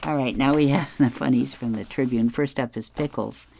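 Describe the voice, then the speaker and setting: A reader going through an advice column and the comics aloud, chuckling often in an unhurried way. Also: medium pitch, creaky, darkish tone, dry recording.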